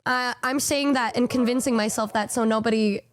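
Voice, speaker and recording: A woman's voice: a little high, fairly even intonation, brisk. A young woman streaming live, chatting casually and rambling, jet-lagged and sleepy, swearing freely.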